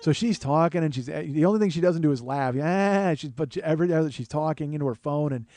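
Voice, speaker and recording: A man in his forties, a comedian hosting his podcast, telling a story in an animated, profane, exasperated way on a close studio mic. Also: a little high, quick pace. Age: 40s. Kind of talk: comic storytelling monologue.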